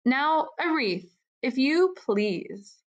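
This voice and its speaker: A woman's voice: sits high, animated, drawn-out words, voice pushed up, full character voice. A woman voicing a brave, earnest young female mouse in a storybook, solemn and earnest, on a dull lo-fi recording.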